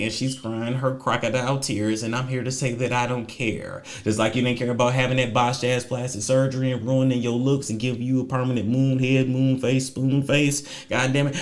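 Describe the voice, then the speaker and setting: A man hosting a celebrity gossip show, sassy and mocking, swinging between loud jabs and low muttering. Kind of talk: casual commentary monologue.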